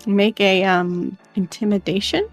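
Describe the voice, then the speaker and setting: A woman running a tabletop game as dungeon master, narrating in a lively way and laughing often. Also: medium pitch, a little slow, faint music behind.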